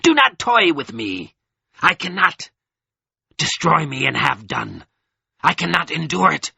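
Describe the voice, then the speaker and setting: Guy putting on a possessed dude in an audiobook, shrieky and jeering, husky voice. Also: low voice, very animated, normal speed, bright, forceful tone, dry recording, pitched below the performer's own voice, heavily acted. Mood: shrieking. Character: possessed man, fearful then gloating.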